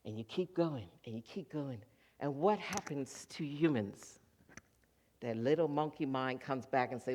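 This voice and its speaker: A minister preaching in a church and telling a story to the congregation. The delivery is animated, and the preacher acts out the voices of the characters in the story. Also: mid-range voice, normal speed. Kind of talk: sermon. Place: church sanctuary.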